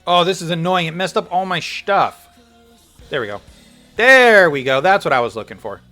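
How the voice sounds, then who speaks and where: A man chatting casually on a game stream, animated and profane, laughing and bursting into loud outbursts. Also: fairly high pitch, moderate pace, faint music behind. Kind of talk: casual gaming stream chat.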